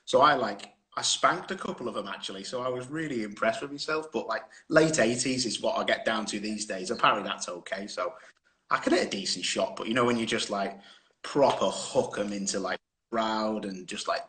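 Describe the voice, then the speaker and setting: A man's voice: lowish voice, fairly quick, pushed and bright. A man chatting as a guest on a live phone stream, rambling through anecdotes and laughing often. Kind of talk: casual chat on a live stream. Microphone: phone on a video stream.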